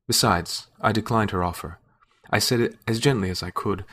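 A man narrating a fantasy story in a measured, wry storytelling manner. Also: on the low side, fairly bright tone. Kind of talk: scripted narration.

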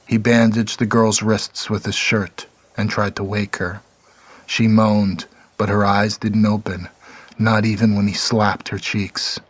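Slow, husky-voiced male story narrator. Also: fairly low pitch.

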